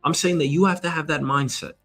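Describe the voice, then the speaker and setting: Emphatic man with a fairly high voice. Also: steady tone, fast talker, a bit bright, soft background music. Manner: emphatic, swears casually. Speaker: show host. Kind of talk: energetic motivational monologue.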